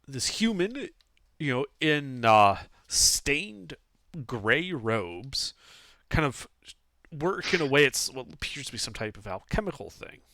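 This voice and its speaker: A man running a tabletop game as game master. He narrates with an animated, swinging pitch and a bright, forceful tone. He rambles with many fillers, and the close mic gives a dry sound. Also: measured pace, no room sound.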